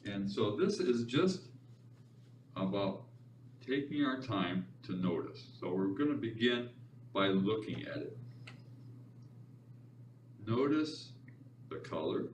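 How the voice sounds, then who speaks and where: A man teaching a meditation class in a library room, talking in a relaxed, chatty way with easy laughs. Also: on the low side, slow pace, pauses often. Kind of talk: informal class instruction. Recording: echoey room, distant mic, background noise.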